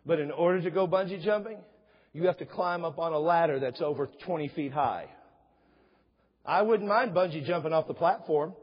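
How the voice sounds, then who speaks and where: A man's voice: moderate pace, husky. A middle-aged man preaching a sermon as pastor, talking conversationally and acting out little dialogues. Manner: conversational, acts out dialogues with rising pitch. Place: church sanctuary. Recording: dull sound with long hall reverb.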